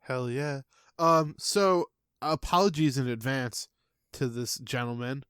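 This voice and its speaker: Male podcast co-host, mid-pitched, rambling casual chat, dry close sound. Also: slow, a bit bright, clean tone, dry recording.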